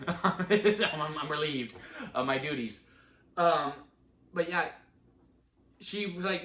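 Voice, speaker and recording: A man at home casually recapping a TV episode, rambling with quick restarts and bursts of laughter. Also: on the high side, fairly bright tone, echoey room. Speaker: TV episode reviewer. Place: at home with a dog.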